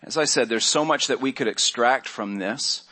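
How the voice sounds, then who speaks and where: A man's voice: mid-range voice, normal speed, bright, forceful tone. A man, a pastor, preaching a sermon in an easygoing, conversational way, now and then acting out the lines of the people in his story. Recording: church sermon audio.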